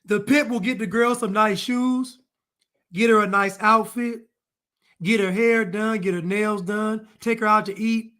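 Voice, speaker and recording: Male commentator, high voice, emphatic and repetitive, solo opinion monologue. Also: fairly even intonation, a little slow, sharp tone. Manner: emphatic and repetitive, hammering points home. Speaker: online commentator.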